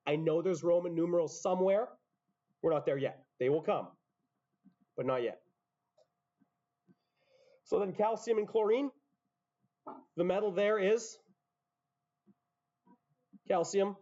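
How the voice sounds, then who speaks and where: The man's voice sits high with a darkish tone as he lectures a high school chemistry class. It sounds muffled, and he explains each step while slipping in self-interrupting asides.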